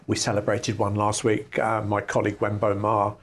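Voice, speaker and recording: A man's voice: on the low side, completely flat delivery, normal speed. A man, a lab director, answering interview questions earnestly in long careful sentences. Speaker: lab executive director and scientist.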